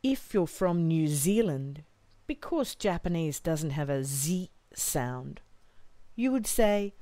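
A woman teaching a language lesson, modelling each phrase slowly and carefully for learners to repeat. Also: sits low, expressive, dark tone, no room sound.

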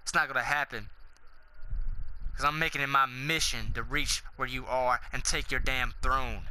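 A man hosting a gaming channel, rambling through a loud, profane, swaggering outro rant that veers from goofy self-mockery into hype. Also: mid-range voice, fairly even intonation, moderate pace, a little hiss or hum, low-quality recording.

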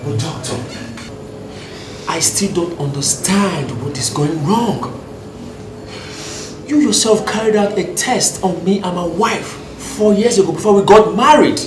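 A man's voice: high-pitched, animated, a little slow, pauses often, roomy sound, music in the background, low-quality recording. An actor playing a baffled senator who questions his doctor in disbelief. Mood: incredulous. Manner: incredulous and questioning. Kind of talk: Nollywood film acting.

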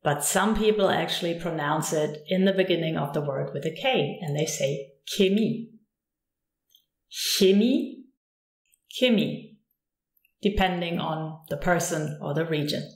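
A woman teaching a recorded lesson, calm and patient, saying example words slowly and repeating them. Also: deep voice, roomy sound. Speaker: language teacher.

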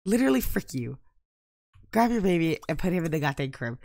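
A young woman giving casual gameplay commentary, exasperated and prone to loud outbursts. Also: low voice, very animated, fairly quick, dry recording, clean studio sound. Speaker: gaming YouTuber.

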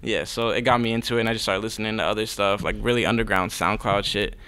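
A man's voice: on the low side, quick pace, sharp tone, smooth. A young man from Southern California, a rapper guest chatting casually in an interview, laid-back and full of "like" fillers.

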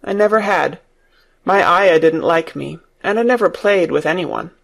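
A man's voice: high-pitched, normal speed, vocal fry, a bit bright. A man voicing a lonely, imperious little girl in an audiobook story, lifting his voice into eager questions.

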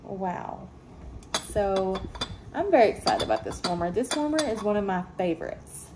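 A young woman, gushing excitedly about a product she shows at home, with many fillers and restarts. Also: mid-range voice, normal speed. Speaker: home sales consultant showing a product. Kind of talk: casual product show-and-tell. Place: home room, indoors. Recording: clear home noise behind.

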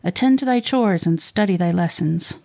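Woman voicing a stern old-fashioned father, mellow and curt. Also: fairly low pitch, expressive, normal speed, creaky. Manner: archaic formal speech. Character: stern dismissive village father, middle-aged man.

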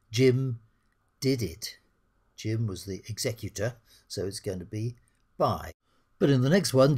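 A middle-aged man with a British accent teaches an English lesson at an unhurried pace. His voice is husky and a little breathy, set at an ordinary male pitch. He reads out the dialogue lines with some acting. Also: darkish tone. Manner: slow, clear teaching delivery, acts out the dialogue lines. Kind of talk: recorded English lesson over slides.

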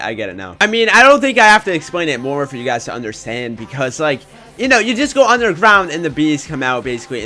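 A young man commentating his own gameplay in a casual, excitable way, often breaking into shouts. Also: mid-range voice. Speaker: gaming YouTuber.

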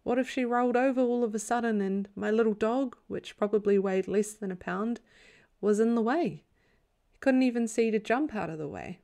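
A woman reading a novel aloud as a bedtime story in a calm, even storytelling voice. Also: on the high side, normal speed. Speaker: audiobook reader.

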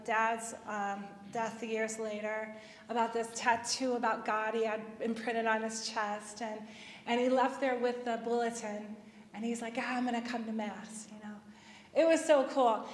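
A middle-aged woman telling a personal story at a parish talk, chatty, with lots of fillers and acted-out dialogue. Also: on the high side. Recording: echoey hall.

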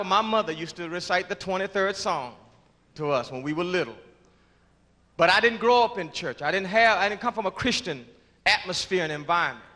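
Emphatic man testifying in church. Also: high-pitched. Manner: emphatic, repeats words, breaks into shouts of praise. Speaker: guest speaker giving his testimony. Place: large church before a congregation. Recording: reverberant church hall with congregation.

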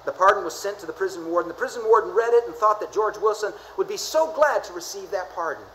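This is a pastor preaching a sermon in a church. The delivery leans on repetition and contrast, slowing to near-whispers before rising to forceful high points. A faint layer of background noise sits under the voice. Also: expressive, rough recording. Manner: dramatic preaching with repeated phrases, swinging from soft to emphatic.

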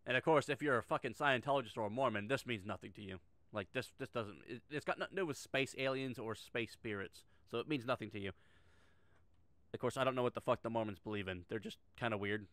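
Talking fast in a medium-pitched, slightly bright voice, this middle-aged man rattles off sarcastic reaction commentary, cursing heavily and often starting sentences over. The sound is dry, with no echo.

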